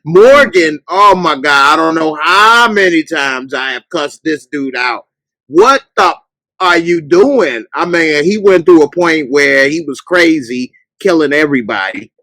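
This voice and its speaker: Animated man ranting casually, dry mic. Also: on the high side, measured pace, hardly any pauses, dry recording, rough recording. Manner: animated, yells mock rants at TV characters. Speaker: podcast host. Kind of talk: casual chat.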